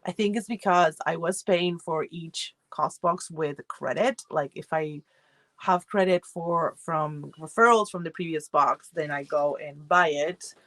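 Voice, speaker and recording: A woman's voice: low-pitched, unhurried, a bit bright, dry recording. A woman casually chatting on a livestream about subscription boxes, rambling with fillers and greeting viewers by name. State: feeling cold. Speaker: subscription box reviewer hosting a livestream. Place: home room.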